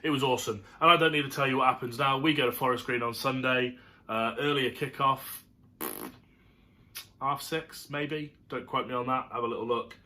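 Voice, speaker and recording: Quick-paced with few pauses, a football fan gives a chatty, meandering match review to camera, filled with fillers and asides. His mid-range voice stays steady and sharp in tone, captured on a camera setup.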